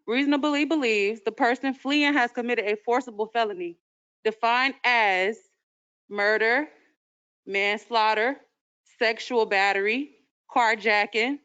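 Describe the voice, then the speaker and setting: Woman public commenter; clear, smooth voice, pointed delivery, muffled meeting recording. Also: fairly high pitch, fairly bright tone. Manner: direct, challenging, reads aloud from a policy. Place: council chamber. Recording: dull lo-fi meeting audio.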